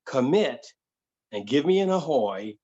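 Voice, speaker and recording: A man's voice: medium pitch, sing-song, unhurried, mellow, breathy edge, lo-fi sound. A man doing a pushy restaurant manager. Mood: coaxing. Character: pushy male restaurant manager, middle-aged.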